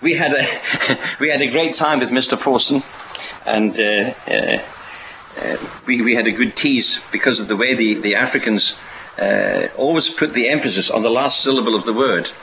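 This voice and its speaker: A man's voice: mid-range voice, moderate pace, bright, forceful tone, a little hiss or hum. A man preaching a sermon in a rambling way, often restarting and asking rhetorical questions. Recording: dull lo-fi recording.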